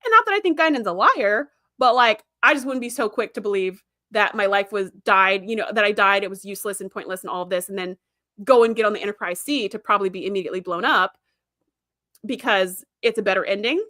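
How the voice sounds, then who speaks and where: A woman hosting a livestream, chatting about a TV series in an animated, casual way and laughing often. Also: medium pitch, fast talker. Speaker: livestream host. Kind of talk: casual fan commentary.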